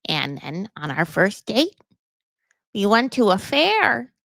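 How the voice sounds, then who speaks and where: A man's voice: high voice, huge pitch swings, slow pace, vocal fry, sharp tone, no echo, heavily acted. A man voicing a sweet elderly woman fondly recalling her past, in a wistful storytelling manner.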